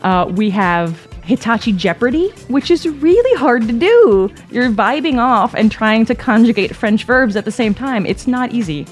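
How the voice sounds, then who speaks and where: A woman with a higher-pitched voice recounts a comic personal story at normal speed with few pauses, soft music playing behind her. Her delivery is lively and conversational, peppered with "like" and "right?" and laughter between lines.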